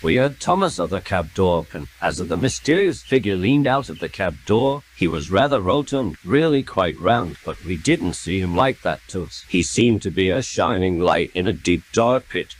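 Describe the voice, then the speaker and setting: A man narrating a first-person story in an earnest, steady way. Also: deep voice, moderate pace, hardly any pauses, slight background noise. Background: loud music.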